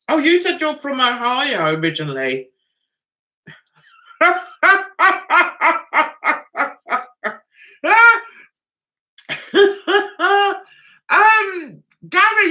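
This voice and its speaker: English woman, livestream host, reading and answering chat; high, animated voice, easy unhurried pace. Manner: chatty, reads viewer comments aloud and answers them with frequent laughs.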